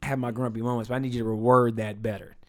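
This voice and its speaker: A man's voice: mid-range voice, level tone, very fast, darkish tone. A young man co-hosting a casual chat, dry and teasing, playing mock-defensive. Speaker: podcast co-host.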